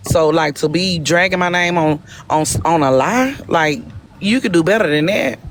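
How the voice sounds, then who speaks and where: A woman's voice: fairly low pitch, moderate pace, a little hiss or hum. A woman speaking in a heated live-stream argument, confrontational and accusatory. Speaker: live-stream debate participant.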